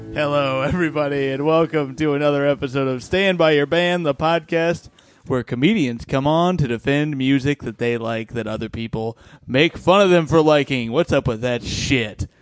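A man's voice: a little high, normal speed, smooth, no room sound, soft background music. A man hosting a comedy podcast, bantering loosely, swearing and laughing, recorded in a studio. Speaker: podcast host. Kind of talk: casual comedy podcast chat.

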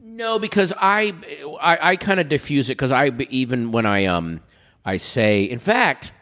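A middle-aged man chatting casually, telling stories and acting out quotes, with a dry voice and frequent throat-clearing. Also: mid-range voice, a little slow, in a large hall. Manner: animated storyteller, acts out quotes. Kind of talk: casual chat.

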